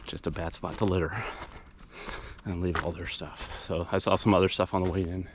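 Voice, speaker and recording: A man's voice: low voice, level tone, fairly quick, background noise. A man casually talking through an outdoor vlog while picking up litter, rambling and matter-of-fact with many fillers. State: out of breath after a hill climb. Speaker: volunteer litter picker and channel host. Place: outdoors in woods and by a roadside.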